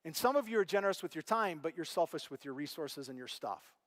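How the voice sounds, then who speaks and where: A middle-aged male pastor preaching a sermon, telling stories with animated delivery and acting out voices, dropping to a hush and rising again. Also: fairly high pitch, quick pace, in a large hall. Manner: animated storytelling, acts out quoted voices, big swings from loud to hushed. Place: church auditorium.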